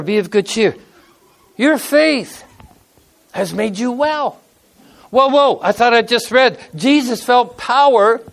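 A man in his sixties preaching a casual, folksy sermon, telling stories and acting out quotes in everyday speech. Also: sits high. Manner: folksy, conversational, acts out quotes. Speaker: pastor.

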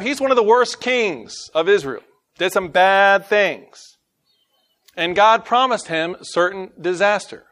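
A man's voice: high-pitched, fairly bright tone. A man with a Southern US accent, teaching a casual Bible study, joking and laughing at himself between scripture readings.

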